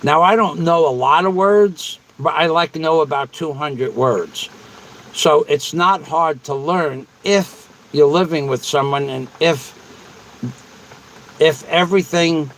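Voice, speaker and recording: Slow-talking, rambling man on a livestream. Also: on the high side, fairly bright tone, low-quality recording. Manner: rambling and repetitive. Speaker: livestream host. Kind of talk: casual livestream chat, answering viewers.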